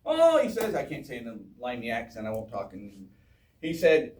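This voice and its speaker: A man giving an informal history talk in a town hall, animated and joking, quizzing the audience. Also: medium pitch, moderate pace. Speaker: history speaker. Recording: echoey hall from far off.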